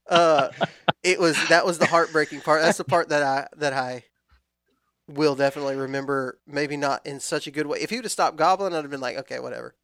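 Laid-back storytelling man, smooth voice. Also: a little high, fairly even intonation, a little fast, a bit bright, no echo, studio quality. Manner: laid-back, rambling storyteller with frequent restarts. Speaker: guest telling a hunting story. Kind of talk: casual storytelling chat.

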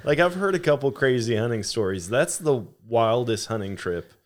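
This is a man with a mid-range voice who hosts a podcast. He chats casually and laughs easily. He reacts to his guest's story with loud exclamations. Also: mid-range voice, expressive, moderate pace. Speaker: podcast host. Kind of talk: casual chat.

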